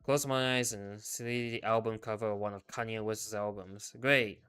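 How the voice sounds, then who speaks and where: A male streamer reading a game story aloud in first person, in a subdued, low-key way with casual swearing. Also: steady tone, moderate pace, fairly bright tone, clean tone. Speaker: VTuber streamer.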